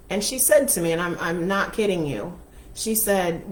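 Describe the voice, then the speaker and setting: A woman's voice: medium pitch, fairly quick. A woman coach telling a personal story in a frank, emphatic motivational talk. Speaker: life and money coach. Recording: roomy echo with faint noise.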